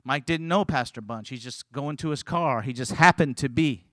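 Bright-voiced man preaching a sermon. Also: medium pitch, moderate pace, dry recording. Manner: storytelling preaching, voice swings from loud to hushed.

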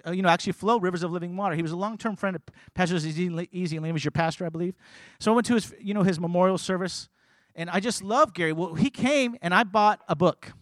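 Fast, high-voiced preaching man. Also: no echo. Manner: emphatic, rising to loud preaching. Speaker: pastor. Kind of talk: sermon.

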